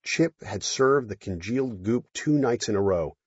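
Husky guy reading a story aloud, lively and low, dry dull audio. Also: normal speed, no echo. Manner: expressive, storytelling. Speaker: audiobook narrator. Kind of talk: audiobook narration.

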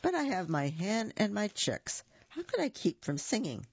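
A reader voicing a brave, cheerful rooster in a storybook read-aloud, speaking with plain, steady defiance. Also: mid-range voice, moderate pace, breathy edge, dry recording, pitched above the performer's own voice, heavily acted. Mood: cheerful resolve. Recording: dull lo-fi recording.

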